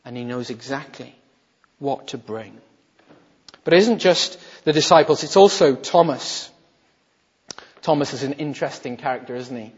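A man, a minister, preaching a sermon with rhetorical questions, swinging between emphatic lines and hushed quoted words. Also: mid-range voice, moderate pace, pauses often, husky. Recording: muffled, echoey hall recording.

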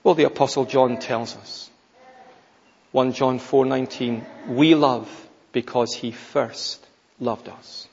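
A man preaching a sermon, slow and emphatic, with sudden loud rises and hushed drops. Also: mid-range voice, steady tone, vocal fry, a little hiss or hum. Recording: dull, lo-fi recording in a reverberant hall.

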